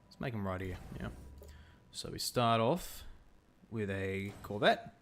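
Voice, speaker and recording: A man's voice: lowish voice, animated, a little slow, a bit bright, a little hiss or hum. A young Australian man chatting casually while streaming a strategy game, laughing often and answering his chat. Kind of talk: casual gameplay commentary with chat.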